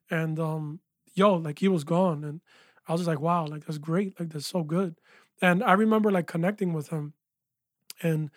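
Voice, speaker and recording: Here a music producer and engineer, high-voiced and animated, tells his story during an easygoing interview and leans heavily on "yo" and "like." The audio is close and dry, small-studio style, without echo.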